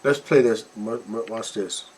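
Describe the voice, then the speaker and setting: A man giving animated, mocking reaction commentary as a vlogger. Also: lowish voice, normal speed, noisy background.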